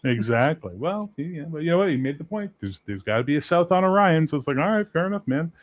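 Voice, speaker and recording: A man's voice: a little high, quick pace, no echo. Profane Canadian man telling stories. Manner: profane, animated storyteller. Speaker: podcast guest, game master. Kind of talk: casual chat.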